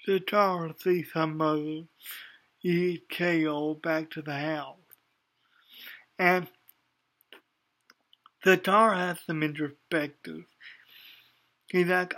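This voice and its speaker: Slow, hesitant man reviewing anime. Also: on the high side, fairly even intonation, pushed and bright. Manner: hesitant, many ums and restarts. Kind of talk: casual spoken review.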